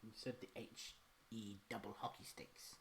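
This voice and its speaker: A man's voice: on the low side, little pitch movement, normal speed, vocal fry, noisy background. Dry-teasing man in casual chat.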